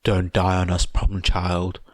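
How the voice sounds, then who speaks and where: A man voicing a weary gruff male hero teacher who speaks curtly. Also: low-pitched, monotone, a little slow, dry recording, studio quality. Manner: curt, terse.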